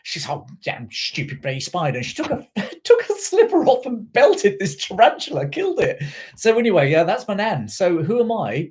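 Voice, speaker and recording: A middle-aged South African-raised man hosts a casual live chat for his history channel, his voice on the high side with a darkish tone. He drifts through digressions and uses plenty of fillers.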